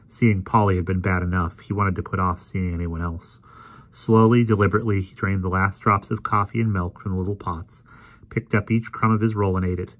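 Deep-voiced man reading a novel aloud. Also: steady tone, fairly quick, fairly bright tone. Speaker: reader. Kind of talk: audiobook narration.

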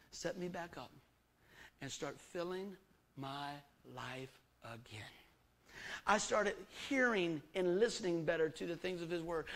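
A middle-aged man preaching, with a voice that sits high for a man. He talks to the congregation in a folksy, emphatic way and keeps asking them questions. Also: vocal fry, a bit bright. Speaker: pastor. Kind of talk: sermon.

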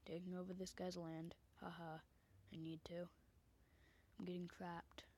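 A woman's voice: lowish voice, level tone, unhurried, a little mellow, a little hiss or hum. A woman commenting on a game she plays from her bedroom, often dropping into a whisper, into a desk microphone. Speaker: gamer. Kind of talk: casual gameplay commentary.

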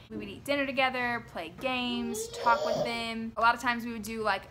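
A young woman, a mother, recalling family memories at home in a gentle, earnest and reflective way. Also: mid-range voice, noisy background. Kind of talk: personal reminiscence to camera.

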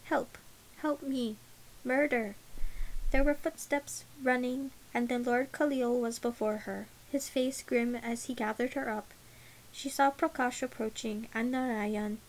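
A woman reading an audiobook in a measured, unhurried way. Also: fairly high pitch, a little hiss or hum, poor audio. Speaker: audiobook narrator. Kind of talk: audiobook narration.

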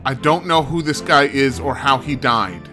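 A man's voice: mid-range voice, normal speed, pushed and bright, soft background music. A man streaming a mystery game, thinking aloud and muttering as he puzzles things out. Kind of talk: casual let's-play commentary.

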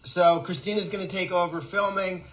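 A man running an animal sanctuary, chatting excitedly and rambling with lots of laughter in a casual fundraising video outdoors. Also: high voice, moderate pace, low-quality recording. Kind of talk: casual fundraising vlog chat.

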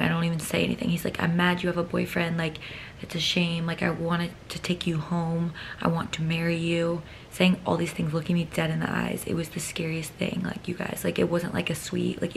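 A young woman vlogging, telling a story to camera in a chatty, rambling way, full of "like," sometimes dropping to a hushed near-whisper. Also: on the low side, creaky, slight background noise. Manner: chatty, rambling, heavy use of "like".

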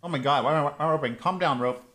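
A man's voice: a little high, rapid-fire, reverberant, background noise. A man casually commentating his own card game stream, muttering to himself and chatting loosely with viewers. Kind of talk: casual live gameplay commentary.

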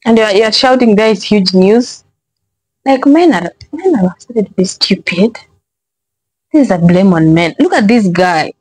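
A woman's voice: medium pitch, expressive, unhurried, a little mellow, dry recording, low-quality recording. A woman hosting a reaction video, talking casually, exasperated and profane, often repeating herself.

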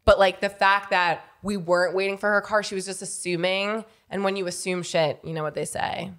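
A woman's voice: mid-range voice, fairly even intonation, fairly quick, a bit bright. A young woman co-hosting a podcast in casual, bickering chat, teasing, laughing often and swearing freely. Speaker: podcast co-host.

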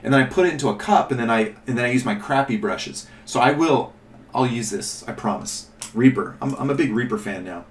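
A man's voice: mid-range voice, animated, fairly quick, a little hiss or hum. A man hosting a casual miniature painting tutorial, chatting and thinking aloud as he rambles and corrects himself. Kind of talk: casual show-and-tell tutorial. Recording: echoey room, mic at a distance.

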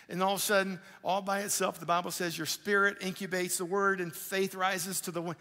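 Bright-voiced pastor in an echoing church. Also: male voice, high-pitched. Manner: conversational, animated preaching with quick asides to the congregation. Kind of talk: sermon. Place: church auditorium. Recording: live church hall with long reverb.

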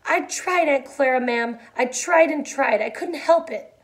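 A woman's voice: high voice, voice pushed up. A woman reading aloud voices a simple-minded grown man who speaks in a childlike, pleading way. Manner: pleading, childlike, drawn-out words.

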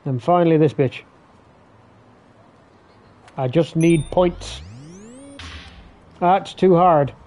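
Sweary excitable man streaming. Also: on the high side, takes it slowly, long pauses. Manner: sweary, excitable, talks to himself while playing. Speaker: streamer playing a video game. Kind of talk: casual live-stream commentary.

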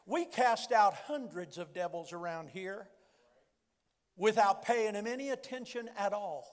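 A man with a West Virginian accent preaching a fervent Pentecostal sermon, telling a story with emphatic repetition and shouted declarations. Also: sits high, a little slow. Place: large church sanctuary. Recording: long hall reverb from church PA.

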